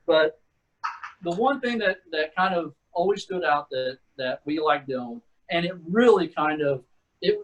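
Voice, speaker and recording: Heard over low-quality audio, a middle-aged man with a fairly high, husky voice shares war stories as a guest. He's a retired Army sergeant first class from Texas, laid-back in his storytelling and fond of calling people "man" and "dude".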